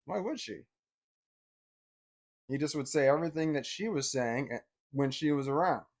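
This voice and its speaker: Man, somewhat high-pitched, casual personal storytelling, rambling, repeats himself, lots of fillers. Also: lively intonation, moderate pace. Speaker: vlogger telling a personal story.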